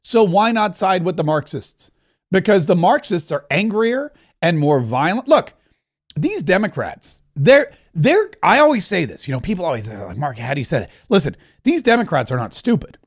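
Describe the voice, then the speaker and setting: High-voiced, mocking male talk host. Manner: animated, mocking, rapid rants with restarts. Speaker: political talk show host. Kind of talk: opinionated political commentary.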